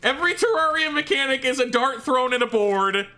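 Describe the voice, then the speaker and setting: A speedrunner giving live gameplay commentary, excitable and exasperated, talking to themself and the chat. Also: sits high, brisk. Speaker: speedrunner streaming a game.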